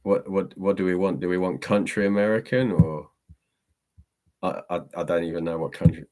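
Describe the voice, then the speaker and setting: A man's voice: low voice, moderate pace, darkish tone. A man hosting a live stream and answering chat, chatty and self-deprecating, laughing often as he reads the questions.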